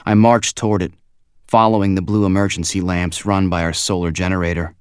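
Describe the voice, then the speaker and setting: A man narrating a first-person audiobook in a quiet, measured, inward way on a close studio mic. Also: deep voice, little pitch movement, clean tone, dry recording.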